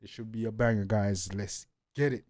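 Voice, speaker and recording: A man's voice: on the low side, steady tone, moderate pace, darkish tone, no room sound, studio quality. A man from Jamaica hosting a music reaction channel, talking in a loose, hyped way that leans on "yeah, man" between thoughts. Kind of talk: casual reaction commentary.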